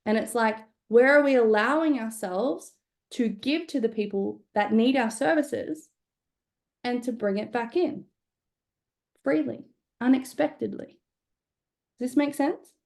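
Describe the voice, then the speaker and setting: Aussie woman coaching a workshop, bit of vocal fry, chatty, keeps asking right?. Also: a little high, unhurried, long pauses, darkish tone. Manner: conversational, frequent "right?" check-ins, casual swearing. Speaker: business coach. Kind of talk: live workshop teaching.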